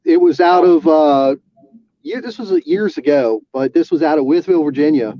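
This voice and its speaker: Man, higher voice, halting storytelling, dry, lo-fi audio. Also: big pitch swings, creaky, a little hiss or hum. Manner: halting, many restarts and fillers. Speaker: guest, auxiliary police officer. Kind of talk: casual storytelling. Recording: dull lo-fi sound.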